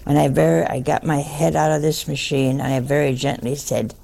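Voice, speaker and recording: An older woman, a nun, tells a wry story to an audience with dry asides along the way. Her voice is low, gravelly and warm, her tone steady and her pace fairly quick.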